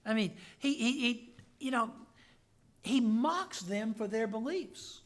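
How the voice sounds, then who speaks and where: A man, a pastor, preaching a sermon and reading scripture aloud, swinging between loud declaring and hushed asides. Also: extremely high pitch, animated, takes it slowly.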